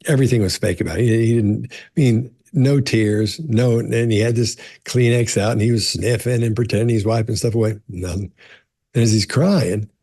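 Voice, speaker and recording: Speaking to camera in a dry recording, this middle-aged man has a lowish, warm voice with a breathy edge, fairly even intonation, and normal speed. He fields questions on body language and tells stories in a casual way, full of restarts and "you know."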